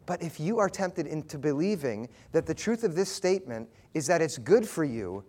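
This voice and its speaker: Earnest, high-voiced male preacher. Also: big pitch swings, darkish tone. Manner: earnest storytelling with emphatic pauses. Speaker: pastor. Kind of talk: sermon.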